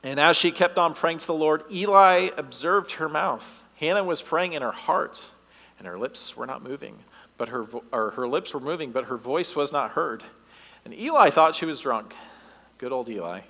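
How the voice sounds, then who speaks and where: A youth director giving a sermon in church, reading scripture aloud and breaking in with joking asides. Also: male voice, a little high, animated, normal speed, creaky, sharp tone. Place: church sanctuary. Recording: long reverb of a church hall.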